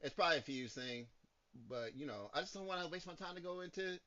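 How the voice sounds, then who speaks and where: A man's voice: on the high side, expressive, quick pace, sharp tone, lo-fi sound. A man co-hosting a podcast in casual banter, complaining in an exasperated, profane way. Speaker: podcast co-host.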